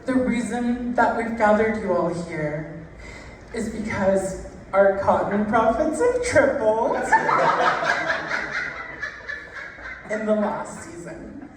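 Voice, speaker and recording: A woman comedian slips into a sunny, self-congratulating plantation mistress addressing her workers. The voice jumps up high and turns speechy and falsely gracious. It is heard from some distance in a very echoey club. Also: very animated, drawn-out words, long pauses, noisy background.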